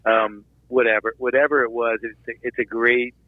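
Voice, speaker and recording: A man from Philadelphia, a filmmaker guest, telling a long anecdote in an animated interview, with restarts and asides. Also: medium pitch, normal speed, no room sound, phone-quality sound. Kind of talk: storytelling interview.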